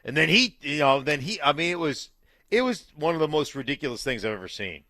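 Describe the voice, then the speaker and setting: A man's voice: fairly high pitch, sing-song, fairly quick, sharp tone, dry recording, studio quality. A man co-hosting sports radio, telling a ballgame story in a casual, rambling way. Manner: rambling storyteller, many fillers, "like" and restarts.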